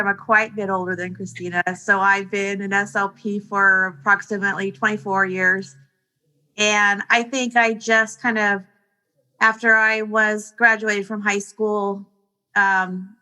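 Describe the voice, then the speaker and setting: A woman in her forties, a speech pathologist, answering in a relaxed, rambling way with fillers. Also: medium pitch, low-quality recording. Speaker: guest speech-language pathologist. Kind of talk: casual interview answer.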